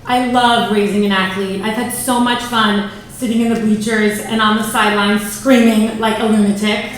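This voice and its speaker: A woman's voice: medium pitch, level tone, normal speed. A woman in her forties, a mother giving a proud, prepared speech to her daughter from notes in a large banquet room. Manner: warm, proud, reading from notes. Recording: echoey hall from far off.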